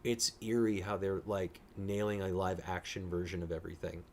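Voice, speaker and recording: A man's voice: sits low, flat delivery, normal speed, darkish tone, slight background noise. A man chatting casually while reacting to a show, enthusiastic and rambling, sometimes teasing his co-host. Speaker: reaction streamer.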